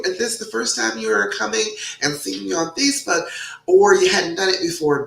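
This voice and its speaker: A woman's voice: medium pitch, gravelly, bright, forceful tone. A woman coaching on relationships, hosting a casual livestream, chatty and greeting viewers by name, her voice still recovering from a cold. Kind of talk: casual live-stream chat. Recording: roomy echo.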